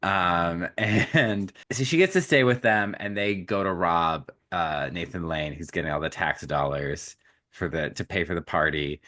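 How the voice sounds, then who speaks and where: A man co-hosting a podcast, recapping a film in casual chat and acting out characters in quick asides. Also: deep voice, bright, forceful tone. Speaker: podcast co-host.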